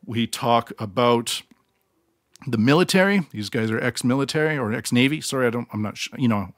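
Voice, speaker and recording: A man's voice: mid-range voice, lively intonation, brisk, fairly bright tone, no echo, clean studio sound. A Canadian man hosting his own podcast, talking alone in a rambling, blunt and self-deprecating way. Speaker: podcast host. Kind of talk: casual solo monologue.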